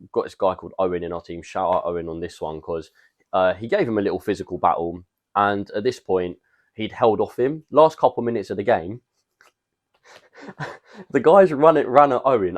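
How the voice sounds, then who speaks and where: Low-voiced lad telling stories. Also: male voice, normal speed, dry recording. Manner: rambling, animated, slangy storytelling. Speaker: podcast co-host. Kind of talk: casual storytelling chat.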